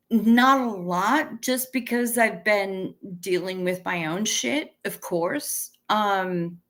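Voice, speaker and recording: A woman's voice: mid-range voice, a bit bright. A woman in her fifties hosting a casual livestream, chatty and profane as she thanks viewers and answers the chat. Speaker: livestream host reading chat. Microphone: webcam stream setup.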